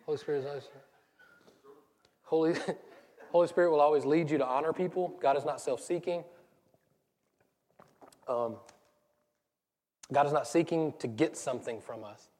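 Rambling Southern pastor in a reverberant hall. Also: male voice, medium pitch, darkish tone. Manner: rambling, self-deprecating, laughs at own stories. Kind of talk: casual conversational sermon. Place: church sanctuary. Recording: church hall with long reverb.

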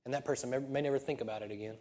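A male pastor preaches in a church sanctuary with a mellow, darker tone. His talk is conversational and punctuated by emphatic bursts. A long hall reverb trails his words. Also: mid-range voice, fairly even intonation, rapid-fire. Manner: conversational preaching with laughs and rising emphatic peaks. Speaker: senior pastor. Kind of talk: sermon.

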